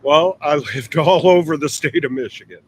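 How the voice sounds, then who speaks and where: A man hosting a casual livestream, who laughs easily and signs off with warm words. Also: fairly high pitch, normal speed, husky. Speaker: host.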